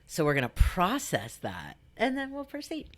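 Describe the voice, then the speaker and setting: A woman's voice: fairly low pitch, wildly swooping pitch, normal speed. A middle-aged woman with a Valley girl accent, hosting her own podcast in a chatty, upbeat way. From Southern California. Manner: upbeat, chatty, frequent fillers and laughs. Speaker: podcast host. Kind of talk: casual solo podcast talk.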